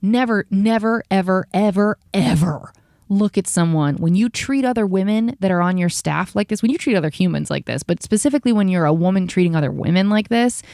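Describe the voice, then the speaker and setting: A woman hosting a podcast, venting in a heated, profane, rapid-fire rant, tired after a long work day. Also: mid-range voice, lively intonation, a little mellow, no echo, studio quality. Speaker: podcast host.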